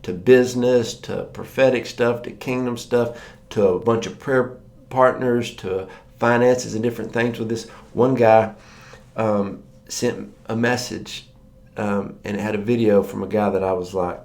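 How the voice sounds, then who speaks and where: A man's voice: fairly low pitch, steady tone, a little slow, vocal fry, a little mellow. A man preaching a morning sermon in a conversational storytelling way, acting out the voices of the people he quotes.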